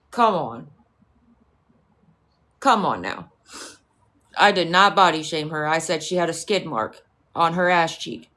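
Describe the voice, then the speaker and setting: Profane ranting woman with a lowish voice. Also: a bit bright. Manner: mocking, scornful asides. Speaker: livestreamer. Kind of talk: livestream rant to chat.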